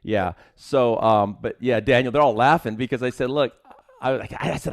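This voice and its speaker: A man's voice: mid-range voice, fairly quick, vocal fry. A man co-hosting a martial arts podcast, telling film-set anecdotes in casual chat and acting out the quotes with laughter.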